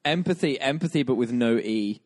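A man's voice: medium pitch, expressive, moderate pace, a little mellow. A man co-hosting a comedy podcast, riffing on jokes and laughing as he talks. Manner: joking, giggly, riffs on bits. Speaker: podcast co-host. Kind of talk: casual comedic chat.

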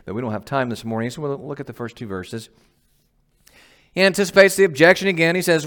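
A man's voice: a little high, expressive, quick pace, fairly bright tone. A man, a pastor, giving a conversational, emphatic sermon and often asking the congregation questions. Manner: laughs at himself.

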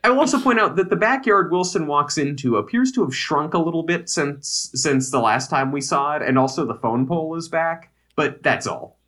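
A man's voice: fairly high pitch, lively intonation, moderate pace, few pauses, fairly bright tone. A man co-hosting a podcast, recapping a sitcom in casual chat with wry joking asides. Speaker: podcast co-host.

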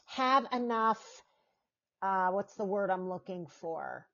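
This middle-aged woman is a podcast host whose casual chat turns into animated storytelling as she voices the characters she quotes. Her medium-pitched voice is slow and creaky. The sound quality is lo-fi.

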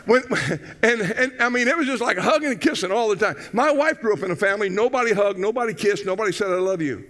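Man, older, pastor, animated sermon storytelling, high-pitched, long hall reverb. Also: fast talker. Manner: storytelling, animated, swings from loud to hushed.

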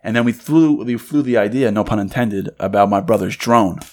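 A young man co-hosting a podcast, telling a story in a loose, animated way and acting out the voices of the people in it. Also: on the low side, fairly quick. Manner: loose and conversational, many fillers. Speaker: podcast co-host. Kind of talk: casual storytelling chat.

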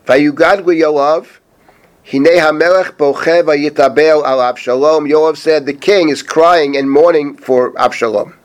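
A middle-aged man, a rabbi, teaching a Bible chapter, reading Hebrew verses slowly and then translating and explaining them. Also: on the high side, fairly even intonation, clean tone. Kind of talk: spoken Bible lesson.

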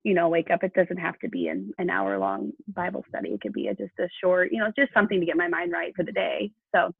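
Gravelly woman on a tinny phone line. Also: fairly low pitch, animated, fast, no echo. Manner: chatty, self-deprecating, laughing. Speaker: coaching client. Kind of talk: phone conversation.

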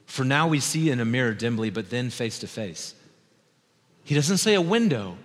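Male pastor, 30s, fervent sermon delivery, dips quiet then climbs loud, long church reverb. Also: big pitch swings. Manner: impassioned, swings from soft and slow to loud and high.

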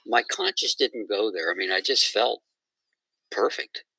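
A middle-aged man, a guest on an interview, retelling a story and quoting others in a lively conversational way. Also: on the low side, measured pace, creaky, husky, dry recording, poor audio.

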